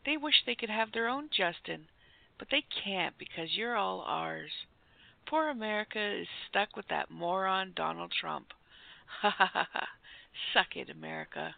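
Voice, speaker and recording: Brief: starstruck woman host, gushing and breathless, creaky edge, narrow phone-like sound. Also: medium pitch, dry recording. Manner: gushing, giddy, breathless fangirl. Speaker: comedy segment host. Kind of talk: comic radio bit.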